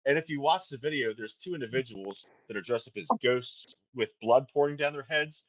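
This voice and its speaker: A man's voice: mid-range voice, fairly quick. Swearing male guest, dull lo-fi sound. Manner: profane, laughing, animated storyteller. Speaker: band vocalist and guest. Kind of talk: casual storytelling chat.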